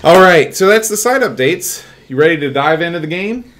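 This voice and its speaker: A man's voice: fairly high pitch, animated, a little fast, a bit bright. A man co-hosting a retro gaming podcast in casual chat, easygoing and breezy, often laughing. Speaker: podcast co-host.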